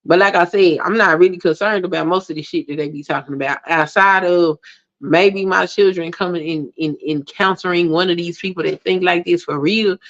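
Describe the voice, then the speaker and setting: This woman talks briskly in a lowish, fairly even voice while ranting to her livestream chat. She's blunt, swears freely, and rises to indignant peaks, all captured in dull lo-fi audio.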